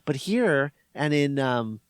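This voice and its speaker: A man's voice: medium pitch, very animated, slow pace, clean tone, no echo. A man speaking as a guest on a podcast in casual chat, hesitant and full of restarts. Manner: hesitant, many restarts and fillers.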